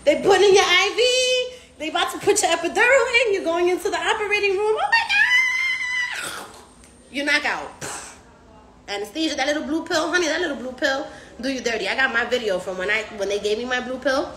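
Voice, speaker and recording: A woman's voice: sits high, fast talker, reverberant, background noise. A woman hosting a casual live stream, slangy and profane, acting out other people's voices as she talks. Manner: animated, acts out patients' voices. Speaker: recovery house host.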